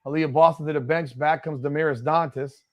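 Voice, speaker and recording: A man with a high voice delivers live play-by-play as a watch party host. His cuts through quick, excitable calls, and he heckles the players with blunt, cursing asides from a home streaming setup. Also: dull audio.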